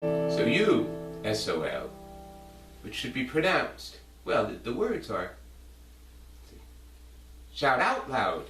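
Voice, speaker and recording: A man rambling in a halting, self-interrupting way as he speaks straight to one person, thinking aloud. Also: medium pitch, huge pitch swings. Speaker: video blogger. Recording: roomy, distant mic, loud guitar music. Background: loud guitar music.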